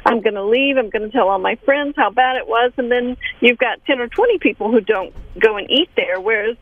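A woman's voice: a little high, fairly quick, dry recording. A woman calling in to a radio phone-in, talking casually and hesitantly with fillers. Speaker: caller. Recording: tinny dry phone line.

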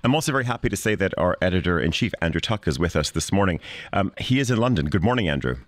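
A man hosts a live radio show in a low voice that rises and falls a lot. He talks fast and keeps the chat playful, laughing along with his guests. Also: expressive, no echo. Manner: brisk, playful, laughs easily. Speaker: radio host.

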